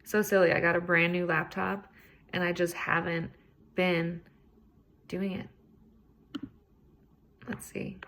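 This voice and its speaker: A woman's voice: on the low side, little pitch movement, slow, pauses often, fairly bright tone, a little hiss or hum. A woman hosting a podcast, talking casually and earnestly on her own, encouraging and a bit rambling. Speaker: podcast host. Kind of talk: casual solo self-help talk.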